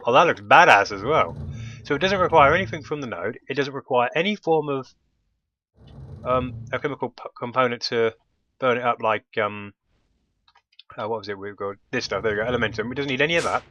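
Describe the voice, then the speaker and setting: A man's voice: mid-range voice, fairly quick, bright, forceful tone, highs cut off, slight background noise. A man giving casual commentary while playing a game, often bursting into delighted exclamations. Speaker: let's play host.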